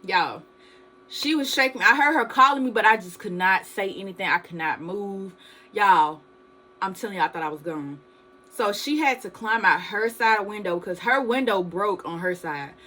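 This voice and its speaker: Bright-voiced woman telling a storytime. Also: medium pitch, moderate pace, poor audio. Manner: animated storytelling, addresses viewers as "y'all". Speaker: vlogger. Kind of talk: storytime vlog.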